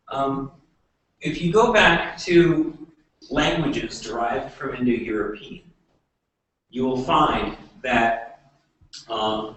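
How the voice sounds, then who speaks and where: A man giving a classroom lecture, talking haltingly with many fillers and restarts. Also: medium pitch, a bit bright. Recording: echoey room, voice from far off.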